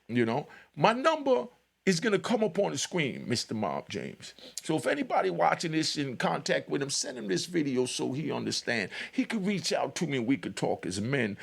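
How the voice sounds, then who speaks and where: A man with a medium-pitched voice and some vocal fry hosts a YouTube commentary channel. He talks straight to the camera in a blunt, lecturing way, peppering his speech with "you know."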